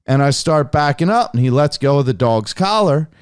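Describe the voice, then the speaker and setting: A young man telling a hunting story casually on a podcast, animated and heavily profane. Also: on the high side, normal speed, clean tone, no echo, studio quality. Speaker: podcast guest, hunter.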